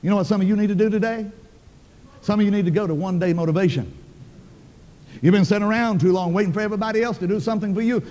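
Fast folksy older preacher, high voice. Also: male voice, mellow, in a large hall. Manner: folksy, emphatic, colloquial. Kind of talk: sermon storytelling.

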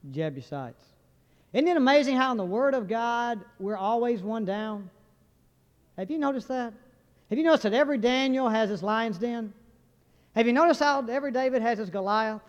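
A man preaching a sermon in a folksy, joking way, firing questions at the congregation. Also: sits high. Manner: folksy, humorous, asks the crowd questions. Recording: dull recording with long hall reverb.

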